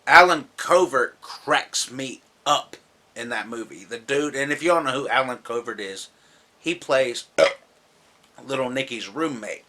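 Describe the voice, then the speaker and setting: A man's voice: medium pitch, a little slow, sharp tone. Tipsy, profane man ranting about movies. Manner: loose, rambling and profane, laughing often. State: drunk. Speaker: movie vlogger. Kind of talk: casual movie countdown.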